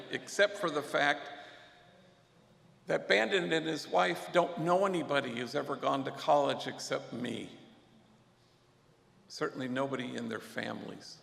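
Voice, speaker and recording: Gravelly man telling stories in a hall. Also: a little high, a bit bright. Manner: unhurried, reflective storytelling with Spanish slang. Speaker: guest speaker at a luncheon. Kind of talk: storytelling speech. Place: event hall. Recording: echoey hall with long reverb.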